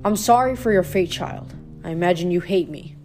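A woman putting on a low, sorrowful god of the dead. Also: a little mellow, soft background music, natural voice. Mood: melancholy. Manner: slow, sorrowful, sighing. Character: weary, brooding god of the dead, male, adult.

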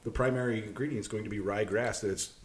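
A man's voice: lowish voice, steady tone, fast talker. A man co-hosting a podcast in casual chat, explaining drinks at length and laughing often. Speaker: podcast co-host mixing cocktails.

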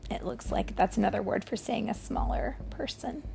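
A woman reading a storybook aloud to a child, gently explaining words and story as she goes. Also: mid-range voice, normal speed, creaky, slight background noise.

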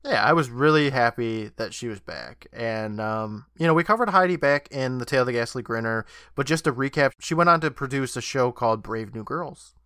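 A man's voice: mid-range voice, expressive, a little fast, few pauses, a bit bright, smooth, dry recording, clean studio sound. A man co-hosting a podcast, casually retelling a TV episode scene by scene and slipping in jokes. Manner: jokey, retells scenes quoting lines. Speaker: podcast co-host. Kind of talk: casual chat recapping a TV episode.

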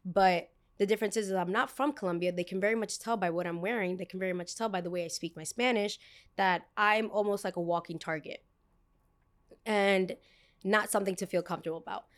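A young woman from New hosts a podcast. She tells a story in a casual, animated way and acts out the people she quotes. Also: mid-range voice, fairly quick. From United States, New York. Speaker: podcast host. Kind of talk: storytime chat.

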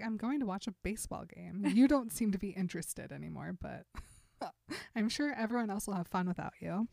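A woman in casual chat, summing up a story's scenes with lots of laughter and quick quoted lines. Her voice sits in a middle register and is recorded close, dry, with no room sound around it. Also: medium pitch, creaky, dry recording. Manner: animated storyteller who laughs often and quotes characters in passing. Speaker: podcast co-host retelling a novel.

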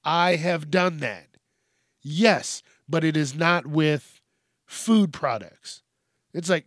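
A man rants through a comedic news podcast, swearing freely and breaking into laughter at himself. His voice sits a little high for a man. The recording is bone-dry and close. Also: slow pace, dry recording. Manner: profane, exasperated ranting with bursts of laughter. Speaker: podcast host.

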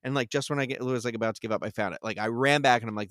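A man's voice: medium pitch, racing, a bit bright, no room sound, clean studio sound. A man casually telling a long story, full of likes, fillers and restarts. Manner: rambling, filler-heavy with many likes and restarts. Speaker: podcast guest telling stories.

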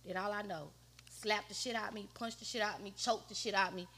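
Husky-voiced woman telling a story. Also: medium pitch, steady tone, fast talker, sharp tone. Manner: slangy, conversational, often quoting others. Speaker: podcast guest. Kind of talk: candid personal storytelling.

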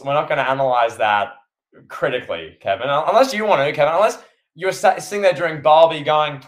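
A man's voice: a little high, expressive, fast talker, reverberant. A man co-hosting a wrestling podcast and teasing his co-host in jokey banter. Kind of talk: casual wrestling podcast chat.

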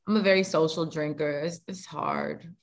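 A woman's voice: sits low, moderate pace, vocal fry. A young woman chatting casually with friends as a podcast co-host, chatty and playful. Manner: chatty, animated, playful asides. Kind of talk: casual chat among friends.

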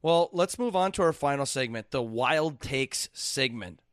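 A man's voice: mid-range voice, animated, unhurried, a bit bright, no room sound, clean studio sound. A man hosting a casual podcast, loose and profane, who laughs easily with his guest. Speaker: podcast host.

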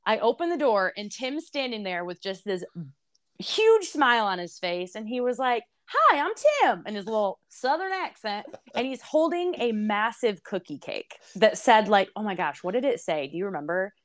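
A woman's voice: mid-range voice, expressive, moderate pace. A young woman hosting a casual podcast interview, chatty and bubbly, laughing easily as she tells a story. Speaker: podcast host.

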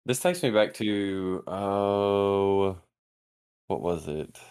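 Man, low pitch, resonant, calm podcast host, dry close sound. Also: very slow, clear, resonant tone, no echo. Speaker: podcast host running draft picks. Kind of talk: casual chat.

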